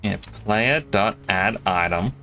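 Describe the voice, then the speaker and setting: A man's voice: fairly low pitch, takes it slowly, bright, forceful tone, faint music behind. Chatty Australian man streaming a game. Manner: chatty, rambling, self-interrupting. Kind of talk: casual gameplay commentary.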